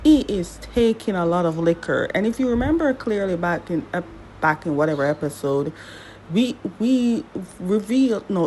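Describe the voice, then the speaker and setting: A woman's voice: mid-range voice, a little mellow, slight background noise, poor audio. A woman giving a casual, chatty drama recap, talking back to the characters as she goes.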